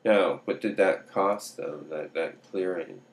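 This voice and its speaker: A man's voice: sits low, slow. A man telling a true story aloud, acting out dialogue with chuckling asides.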